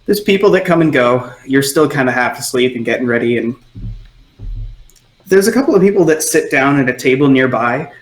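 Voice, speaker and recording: A man's voice: mid-range voice, expressive, brisk, faint music behind. Casting: easygoing male game master narrating loosely, roomy echo. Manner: loose, filler-heavy narration.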